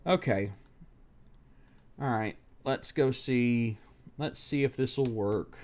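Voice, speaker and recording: A man's voice: medium pitch, slow, long pauses, a little mellow. A man live-streaming a laptop repair, swearing at a website in exasperated rants and muttering through technical steps under his breath. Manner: exasperated, profane ranting at the screen. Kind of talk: live-stream tech commentary.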